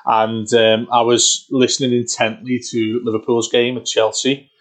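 A man co-hosting a casual football podcast, talking in a rambling, excitable way with many restarts. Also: medium pitch, moderate pace. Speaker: podcast co-host.

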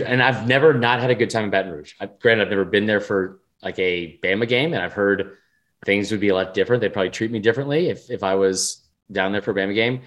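A man's voice: on the low side, a bit bright. A man co-hosting a podcast, rambling through a story in casual chat and swearing freely. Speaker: podcast co-host.

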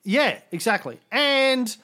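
A man co-hosting a casual history podcast, talking in an animated way and swearing freely. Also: very high-pitched, takes it slowly. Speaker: podcast co-host.

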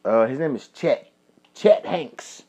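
A man's voice: mid-range voice, slow, slightly rough. A man from Kentucky with a Kentucky accent, a podcast host in casual, profane chat. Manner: profane, animated storytelling.

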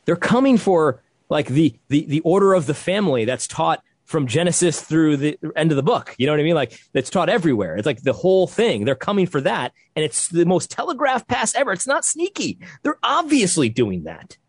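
Husky, animated man ranting emphatically. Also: fairly high pitch, a little fast, few pauses, no room sound. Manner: emphatic, repetitive, restarts when worked up. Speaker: podcast co-host. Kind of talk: heated conversational commentary.

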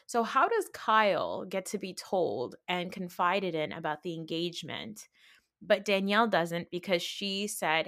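A woman's voice: fairly low pitch, normal speed. A woman hosting a podcast, recapping reality TV in a casual, indignant rant full of "like" and rhetorical questions. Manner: indignant, animated ranting with frequent "like". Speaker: podcast host.

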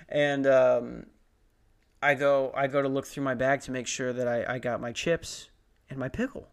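A man's voice: mid-range voice, steady tone, normal speed. A young man doing stand-up, telling a story in a profane, sarcastic rant. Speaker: stand-up comedian.

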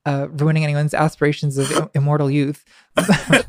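A woman's voice: deep voice, level tone, moderate pace, dry recording. Thoughtful woman guest, dry close sound. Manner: thoughtful, hesitant, many restarts and fillers; wry, laughs lightly at herself. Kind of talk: reflective conversation.

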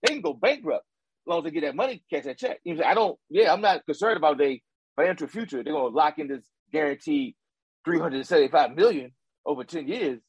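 Husky, high-voiced man ranting. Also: quick pace, no echo. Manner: animated, ranting, repeats himself, slangy. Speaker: podcast co-host. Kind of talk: casual sports talk.

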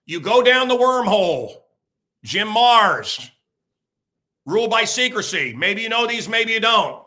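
Loud, sharp-voiced ranting male radio host. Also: high-pitched, big pitch swings, a little slow. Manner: loud, emphatic, crude, bursts into shouting; rambling, repeats himself. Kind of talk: ranting talk-show monologue.

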